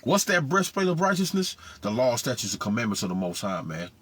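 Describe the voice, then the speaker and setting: A man's voice: mid-range voice, sing-song, fairly quick, fairly bright tone, husky. A man teaching scripture informally in street talk, saying "man" constantly. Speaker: preacher.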